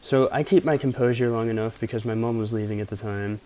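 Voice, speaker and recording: A mellow, lowish male voice holds a steady tone while talking fast. The young Pennsylvania vlogger rambles through profane, laid-back stories in a casual storytelling style.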